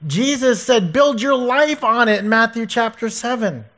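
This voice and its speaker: Male preacher, high voice, earnest, emphatic. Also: moderate pace, bright, forceful tone. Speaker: pastor. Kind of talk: sermon.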